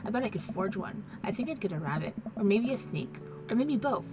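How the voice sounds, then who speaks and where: A woman's voice: mid-range voice, lively intonation, natural voice. Upbeat teen daughter played lightly by a woman: eager and talkative, with game music. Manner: eager, chatty, quick enthusiasm. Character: excited teenage daughter heading to college.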